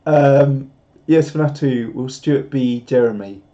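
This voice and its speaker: Self-mocking man, mellow voice. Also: medium pitch, takes it slowly, highs cut off. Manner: rambling, self-mocking, laughs often. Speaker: streamer. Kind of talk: casual live-stream chat.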